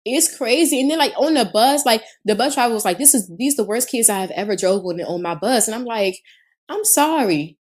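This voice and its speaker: A woman's voice: fairly high pitch, brisk. A woman co-hosting a podcast and coaching cheer, telling stories in casual chat, acting out quotes and swearing freely. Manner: animated storytelling, acts out quotes, swears freely.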